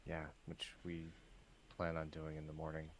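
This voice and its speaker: A man playing a tabletop game, speaking in a relaxed, matter-of-fact way. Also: very deep voice, moderate pace, a little hiss or hum, poor audio. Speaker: player.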